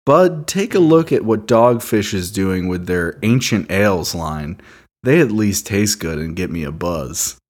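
Low-voiced man with a wry, sarcastic delivery. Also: expressive, a little slow. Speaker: podcast co-host. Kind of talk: casual chat, reading reviews aloud.

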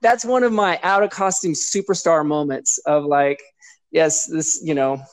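A man's voice: fairly high pitch, a little slow, no echo. A man who performs as a sports mascot, telling a story in casual chat and animatedly acting out other people's lines. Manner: animated, acts out others' voices in quotes.

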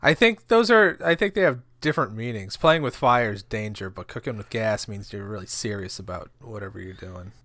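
A man co-hosting a podcast from home, chatting easily and reading a plot summary aloud at a steady clip. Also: fairly low pitch, a little fast, hardly any pauses, dry recording. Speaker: podcast co-host.

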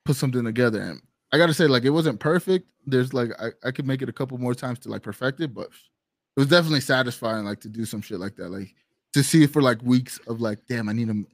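A man's voice: medium pitch, fast talker, gravelly, dry recording, studio quality. A man co-hosting a live stream, telling stories in casual chat with lots of fillers. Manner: rambling, filler-heavy storytelling. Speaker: co-host.

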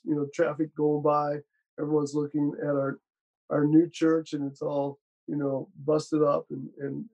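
A man's voice: on the high side, dark tone, low-quality recording. A man who is a pastor, talking with fervent, preacherly conviction in casual conversation, repeating words as he speeds up.

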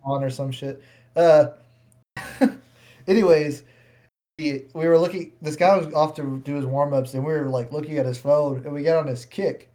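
Laid-back, slightly high-voiced podcast guy. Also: fairly even intonation, normal speed, dark tone. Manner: laid-back, laughing, swearing. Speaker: podcast co-host. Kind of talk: casual chat.

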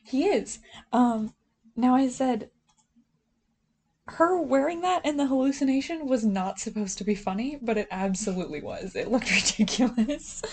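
A woman's voice: on the high side, moderate pace, darkish tone, slight background noise. Sarcastic giggly woman recapping a show. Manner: sarcastic, giggly, swears freely. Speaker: podcast co-host. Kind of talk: casual TV recap chat.

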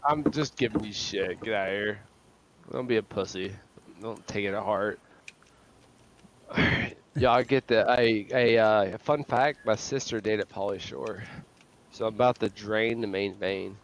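A man's voice: on the low side, unhurried, a little hiss or hum. A man calling into a live stream, chatting crudely and telling a rowdy, profane story. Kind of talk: crude casual chat.

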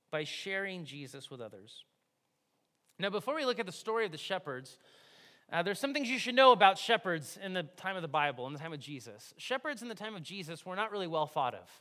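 Male pastor, sermon delivery, conversational and animated, with a high, bright voice. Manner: animated, conversational preaching with big swings from hushed to loud.

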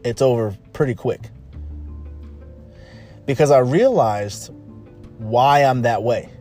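A man's voice: mid-range voice, slow, warm tone, soft background music. Man giving a repetitive, emphatic monologue. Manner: repetitive, emphatic, rambling with restarts. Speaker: podcast host. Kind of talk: casual motivational monologue.

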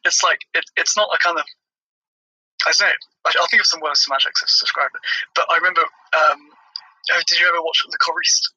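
A man's voice: on the high side, steady tone, fast, bright, forceful tone, slightly rough, dry recording, lo-fi sound. A man co-hosting a podcast, talking hesitantly with many fillers and restarts. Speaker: podcast co-host. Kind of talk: casual chat.

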